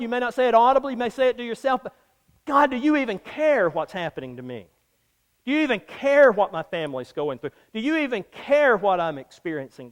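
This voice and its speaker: High-voiced pastor preaching with dramatic swings. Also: male voice. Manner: dramatic swings from loud urgent lines to hushed low phrases; acts out quoted prayers and disciples' cries. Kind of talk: sermon.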